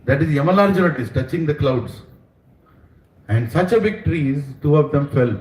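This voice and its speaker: A man telling a devotional story to a gathering, animated and dramatizing, dropping in phrases of Hindi. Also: on the high side, normal speed. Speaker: spiritual storyteller. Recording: roomy hall, distant mic, faint noise.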